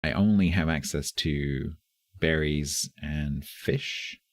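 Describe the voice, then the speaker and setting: A man's voice: extremely low pitch, takes it slowly, no echo, clean studio sound. A man streaming a game live, chatting casually and chuckling as he thinks aloud. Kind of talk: casual live gameplay commentary.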